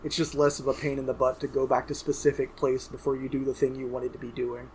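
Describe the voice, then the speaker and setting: A man's voice: medium pitch, completely flat delivery, fast, a little mellow, a little hiss or hum. A man co-hosting a casual gaming podcast, chatty and rambling, often restarting his sentences. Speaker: podcast co-host.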